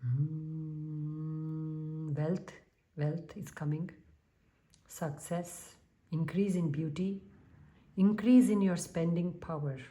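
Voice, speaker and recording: Woman, tarot reader, low mellow voice, calm, unhurried, soft humming pauses. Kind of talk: spiritual tarot reading to viewers.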